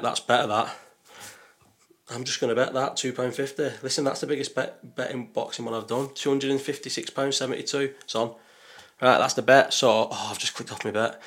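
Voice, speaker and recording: A man's voice: medium pitch, fairly bright tone. A man chatting casually as a betting vlogger, rambling and talking to himself as he second-guesses his picks. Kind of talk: casual chat while placing bets.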